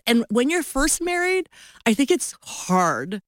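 A woman's voice: a little high, slow pace, dry recording, clean studio sound. A woman in her fifties, a guest author on a radio interview, telling a story with playful acted-out voices. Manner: animated storyteller acting out voices.

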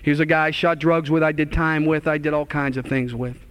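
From the pulpit, a middle-aged minister with a high, fervent voice gives his testimony sermon to a live audience, speaking briskly with a clean, slightly bright tone and fairly even intonation. When he acts out old conversations his pitch and volume climb. Then he turns to earnest, impassioned exhortation.

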